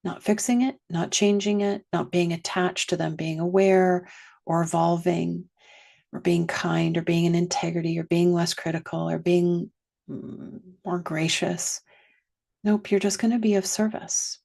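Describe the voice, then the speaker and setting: Low gravelly woman, slow gentle teaching. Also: flat delivery. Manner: slow, gentle, drifts into soft whispers. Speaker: wellness teacher. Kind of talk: guided reflective teaching.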